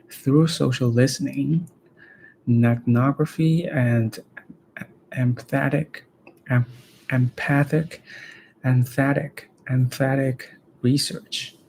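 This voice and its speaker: Slow, gravelly man practicing reading aloud. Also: mid-range voice, a little mellow, slight background noise, rough recording. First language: Chinese. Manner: halting, repeats words and phrases to practice them. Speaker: language learner reading aloud.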